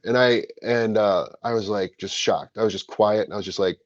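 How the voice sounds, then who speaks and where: Low-voiced man telling a rambling story. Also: fairly even intonation, moderate pace, hardly any pauses, no echo, dull audio. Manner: rambling, self-correcting, casual swearing. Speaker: window cleaning business owner. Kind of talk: casual storytelling.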